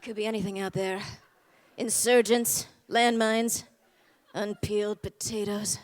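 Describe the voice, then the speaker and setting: A woman voicing a gruff male army general who barks orders, in a comic stage monologue. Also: medium pitch, steady tone, measured pace, close to an everyday voice. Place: theater stage. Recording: long theater reverb.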